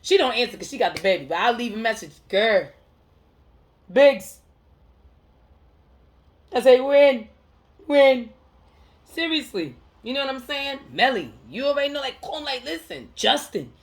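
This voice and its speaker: Woman counselor, higher voice, emphatic street-slang monologue, hammers lines by repeating them. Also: very animated, fast talker, vocal fry, hardly any pauses, fairly bright tone. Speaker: mental health counselor. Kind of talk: heartfelt motivational monologue to camera.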